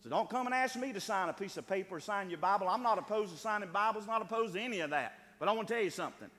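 A man preaching a sermon as pastor, emphatic and calling for amens, moving between loud urging and hushed, quiet lines. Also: sits high, animated, rapid-fire, long reverb tail.

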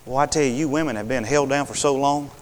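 A man preaching a sermon in a folksy, animated way, calling for amens. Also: mid-range voice, quick pace, long reverb tail.

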